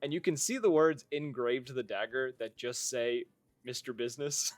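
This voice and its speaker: A man running a tabletop game as game master, with a voice of middling pitch. His narration is loose and rambling, full of fillers. It sounds relaxed and spontaneous. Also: normal speed, no room sound, soft background music.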